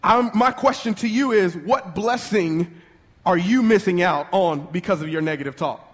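A man preaching a sermon with fervent energy, leading the congregation in call-and-response and speaking in rapid bursts with restarts. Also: high-pitched, long reverb tail.

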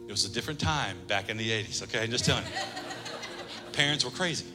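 Animated storytelling pastor in a big church. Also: male voice, medium pitch, fast, long pauses. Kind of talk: sermon with storytelling. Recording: reverberant church hall, faint music.

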